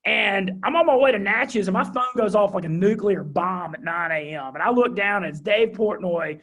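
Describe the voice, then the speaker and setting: High-energy Southern drawl man, husky. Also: normal speed. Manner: high-energy, animated, excited. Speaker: guest, radio host. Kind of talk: interview storytelling.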